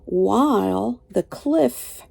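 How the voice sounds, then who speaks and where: An older woman teaching a Bible lesson, reading slowly and deliberately and citing chapter and verse. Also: medium pitch, animated, gravelly, darkish tone, breathy edge, dry recording.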